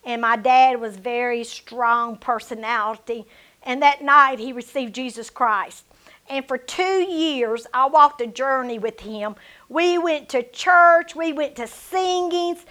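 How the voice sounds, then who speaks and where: High bright-voiced woman preaching. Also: slow. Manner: emphatic, swings between loud declarations and hushed asides; personal storytelling. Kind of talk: sermon.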